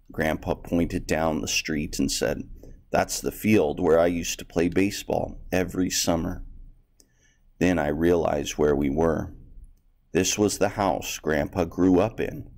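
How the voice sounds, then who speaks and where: A man's voice: low voice, darkish tone. A male teacher reading a textbook story aloud to students and explaining vocabulary in a plain, explanatory way.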